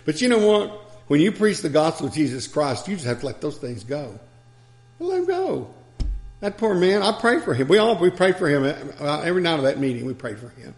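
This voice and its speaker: A man's voice: fairly high pitch, very animated, fairly quick. A man preacher delivering a sermon, telling stories with chuckles and asides.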